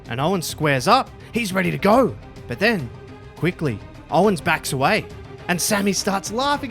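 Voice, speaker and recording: A man narrating a scripted story in an upbeat, energetic way. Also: fairly high pitch, moderate pace, faint music behind. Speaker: YouTube storyteller.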